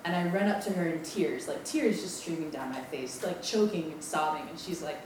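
This is a low-pitched woman's voice, fairly quick, belonging to a Maui, Hawaii native in her twenties who serves on campus ministry staff. Her testimony is chatty, self-deprecating, and packed with ums. The lecture-room recording has echo, a distant mic, and background noise.

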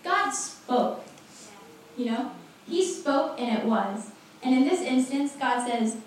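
A young woman delivers a relaxed, lively sermon full of chatty asides and frequent laughter. Her voice sits a little high and comes from some distance away, through the booming echo of a large hall. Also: slow pace, a little hiss or hum. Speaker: preacher. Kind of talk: casual sermon. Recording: echoey hall, voice from far off.

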